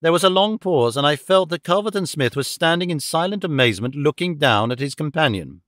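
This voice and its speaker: A man narrating a classic detective audiobook in a measured, low-key way into a close microphone. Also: lively intonation, fairly bright tone, no room sound. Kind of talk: scripted narration.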